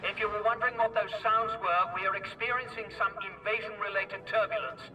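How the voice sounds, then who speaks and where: An actor playing a starship captain making dry, deadpan intercom announcements. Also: male voice, high voice, a little fast, highs cut off, lightly acted. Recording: game audio from a distance. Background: game music.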